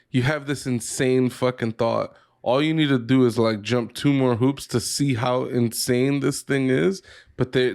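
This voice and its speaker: Brief: male podcast co-host, gravelly voice, blunt profane ranting. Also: medium pitch. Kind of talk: casual chat.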